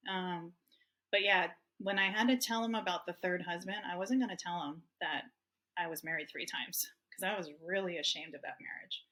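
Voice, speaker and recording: A woman's voice: on the low side, moderate pace, pushed and bright. Candid woman in her fifties. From Hawaii, United States. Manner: open, emotional, laughs often. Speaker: guest author. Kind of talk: candid personal storytelling.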